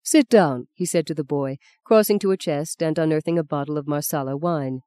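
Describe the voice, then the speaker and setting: An audiobook narrator reading a literary novel in a measured, even storytelling manner. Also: medium pitch, clear, resonant tone, dry recording.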